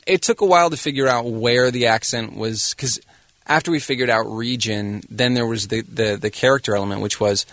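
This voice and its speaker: A man's voice: medium pitch, brisk, a bit bright, dry recording. Articulate man, a thoughtful studio guest. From Canada. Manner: thoughtful, articulate, explains at length. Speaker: guest actor. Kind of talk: radio studio interview.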